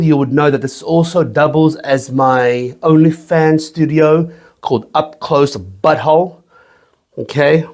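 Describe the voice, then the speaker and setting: A man hosting his own whisky review channel, talking casually with crude jokes and swearing, rambling and tagging lines with "okay?". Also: a little high. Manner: profane, joking, rambling, says "okay?" often.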